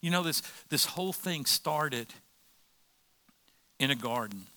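A man's voice: medium pitch, animated, slow pace, sharp tone, no echo. A man preaching a sermon as pastor, conversational, with rhetorical questions.

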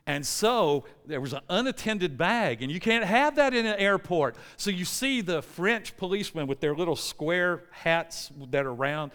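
A man's voice: high-pitched, expressive, normal speed, hardly any pauses, fairly bright tone, smooth. An American man preaching a sermon in a church, telling a story with lots of energy and checking in with the congregation. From United States. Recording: long reverb in a church hall.

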